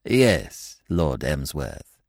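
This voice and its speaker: A man's voice: lively intonation, normal speed, no echo, studio quality, close to an everyday voice. A man doing a cool, efficient young secretary. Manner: quiet, clipped, low.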